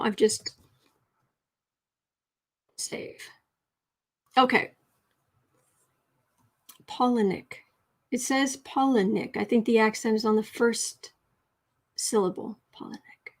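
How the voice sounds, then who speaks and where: Chatty woman hosting a writing livestream. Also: on the high side. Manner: chatty, reads chat messages aloud, thinks out loud. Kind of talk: casual livestream writing lesson.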